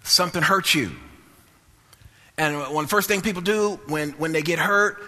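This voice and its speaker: A man with a high, bright, ringing voice preaches a sermon in a church sanctuary. He drives his points home by repeating and restarting phrases, rises into a sing-song preaching cadence, and calls out for bigger amens. The sound carries a long echo from the hall. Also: normal speed. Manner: repetitive, emphatic, with frequent restarts.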